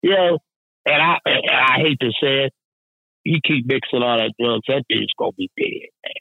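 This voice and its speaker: A man telling a rowdy work story in casual chat, profane, animated and laughing often. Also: medium pitch, moderate pace, gravelly, no echo, phone-quality sound.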